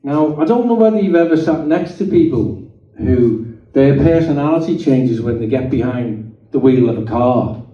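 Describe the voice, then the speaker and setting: Speaking as a guest in a meeting hall, a middle-aged man gives a chatty personal testimony, frequently checking in with "okay?" and "right?". His medium-pitched voice is expressive, moving at a moderate pace with hardly any pauses. The mic sits far off in the roomy hall, and the sound is dull.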